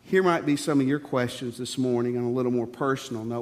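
A man's voice: mid-range voice, quick pace, long reverb tail. A male pastor delivering a sermon, preaching emphatically and speaking straight to his congregation in a conversational way.

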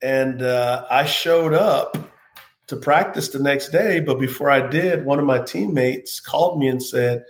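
A former pro football player, interviewed as a guest, recounts a personal story in an earnest, heartfelt and reflective way. His mid-range voice is unhurried, with slight background noise and a roomy echo.

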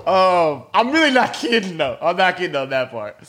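A man's voice: sits high, big pitch swings, normal speed, fairly bright tone. A man hosting a podcast, telling a rambling, profane, joking story into a phone mic. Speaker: podcast host. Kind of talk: casual storytelling monologue.

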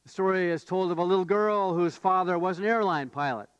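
A man's voice: high voice, a little fast, clean tone, no echo, highs cut off. A man preaching a sermon as pastor, telling stories and building to emphatic questions. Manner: storytelling, rising to emphatic questions.

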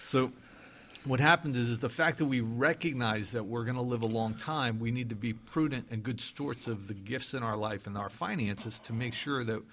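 A man's voice: medium pitch, normal speed, fairly bright tone. A man in his fifties co-hosting a financial radio show, telling stories in an easygoing, chatty way. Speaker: financial advisor and show co-host. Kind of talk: casual radio-show talk.

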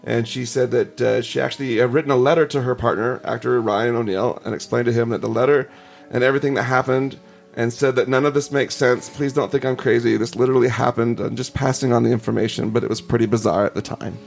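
Gravelly man reading ghost stories. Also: medium pitch, fairly even intonation, fast, faint music behind. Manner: reads stories aloud with chuckles and asides. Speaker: podcast host. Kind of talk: casual podcast chat reading ghost stories.

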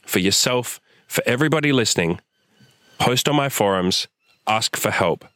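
Outdoors in sunlight, a young man hosting a show gives a listener a forceful, direct, profanity-heavy pep talk. He has a mid-range, animated voice at normal speed, captured dry and studio-clean.

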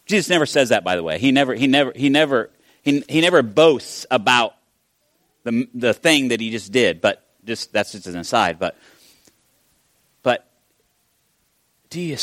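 A man giving a conversational sermon, telling the story in a casual, animated way with frequent restarts. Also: medium pitch, moderate pace, pauses often, no echo. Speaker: pastor.

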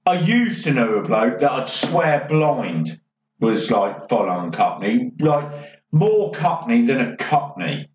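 A man's voice: medium pitch, sing-song, slow pace, darkish tone, slight background noise. A man from Birmingham, co-hosting a casual podcast, telling blunt, sweary, rambling stories. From Birmingham, England. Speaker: podcast co-host. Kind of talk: casual pub-style chat. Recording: echoey room, distant mic, dull lo-fi sound.

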